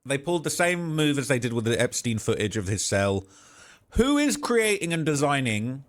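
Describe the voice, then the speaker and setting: A man hosting a live stream, giving commentary in an indignant, sarcastic rant. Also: on the high side.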